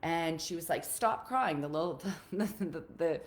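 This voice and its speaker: A woman's voice: sits low, steady tone, normal speed, a little mellow. A woman relationship coach talking casually on a live stream to her group, earnest and encouraging, often repeating her key points.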